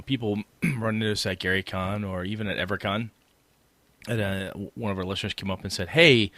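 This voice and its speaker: Deep-voiced earnest man on a podcast. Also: no echo. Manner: earnest, rambling, animated retelling. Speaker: podcast co-host. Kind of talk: casual podcast chat.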